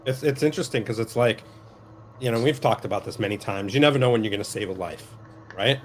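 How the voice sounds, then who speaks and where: A man's voice: on the low side, quick pace, a little hiss or hum. A man hosting a casual podcast, talking things over thoughtfully and thanking supporters. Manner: reflective, thanks viewers by name. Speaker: podcast host.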